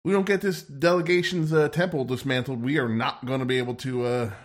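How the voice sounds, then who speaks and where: A man's voice: mid-range voice, fairly even intonation, brisk. A man playing a weapons officer in an improvised sci-fi role-play, narrating his fights with bravado and laughs.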